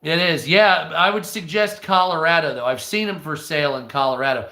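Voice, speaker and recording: A man's voice: fairly high pitch, fairly quick, sharp tone, roomy sound. A man hosting a livestream, chatting casually and swearing freely as he rambles through stories and answers his chat. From United States. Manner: profane, storytelling, talks to chat. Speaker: livestream host.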